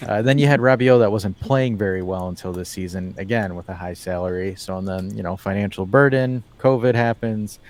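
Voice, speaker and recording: A man with a lowish voice, co-hosting a casual sports podcast. He talks in long, rambling runs, packed with "like" and restarts, and throws in wry, sarcastic asides. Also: steady tone, brisk, few pauses, a little mellow. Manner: rambling, with many fillers and restarts. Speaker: podcast co-host. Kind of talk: casual football podcast chat.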